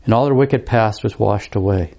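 A man narrating a story in a measured, solemn reading manner. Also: on the low side, gravelly, mellow, dull audio.

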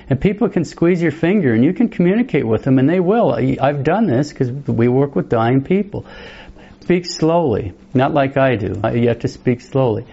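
Fast-talking priest with a mellow voice. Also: male voice, a little high, gravelly, highs cut off. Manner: brisk, conversational, self-interrupting. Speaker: Catholic priest. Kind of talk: informal teaching talk.

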